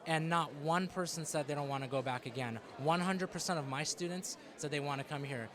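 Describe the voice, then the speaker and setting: Lively mentor with crowd behind him. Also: male voice, fairly high pitch, brisk. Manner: lively, acts out students' voices. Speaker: mentor, youth program speaker. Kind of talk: interview answer.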